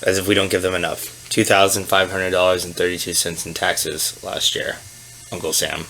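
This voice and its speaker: A man hosting a casual chat, telling stories with lots of swearing and loud put-on voices. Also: deep voice, moderate pace. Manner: storytelling, swearing, loud animated impressions. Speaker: podcast host. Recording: faint background noise.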